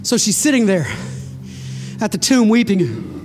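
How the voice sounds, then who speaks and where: A woman's voice: mid-range voice, big pitch swings, measured pace, a little mellow, faint music behind. A woman preaching a sermon to her congregation, retelling a story dramatically with rhetorical questions and direct address.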